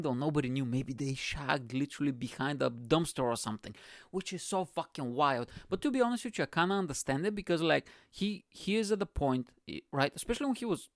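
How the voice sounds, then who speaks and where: A young man hosting a comedy podcast, telling a story in an energetic, profane, rambling way. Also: medium pitch, dry recording, clean studio sound. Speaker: podcast host. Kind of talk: casual comedic podcast monologue.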